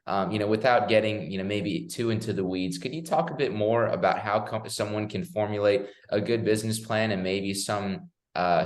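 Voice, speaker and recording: Man, podcast host, very low voice, hesitant questions, roomy echo. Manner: hesitant, many "you know" fillers and restarts. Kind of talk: conversational podcast interview.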